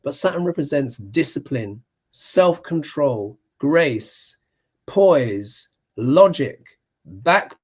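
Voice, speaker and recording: A man's voice: fairly high pitch, expressive, slow, breathy edge, highs cut off. A man hosting a live astrology show, reading tarot cards and ranting with emphatic passion.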